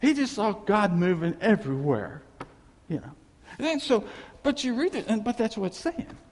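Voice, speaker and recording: A man preaching a folksy, animated sermon with laughing asides, recorded in a church hall. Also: high-pitched, moderate pace. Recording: echoey hall with long reverb.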